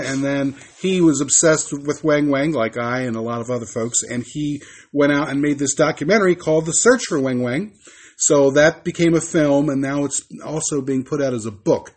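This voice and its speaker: Relaxed man chatting about films. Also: on the high side. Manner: relaxed, informative, with pauses and fillers. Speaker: podcast co-host. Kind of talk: casual chat about films.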